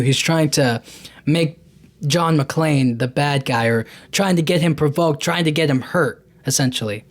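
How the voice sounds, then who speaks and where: A man hosting a podcast, casually recapping a movie in a loose, rambling way with many restarts and fillers. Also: on the high side. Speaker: podcast host.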